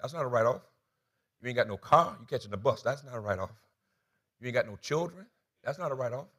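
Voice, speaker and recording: A man's voice: medium pitch, animated, fast, fairly bright tone, breathy edge. A man preaching a sermon as pastor, telling a comic story and acting out the dialogue with energy.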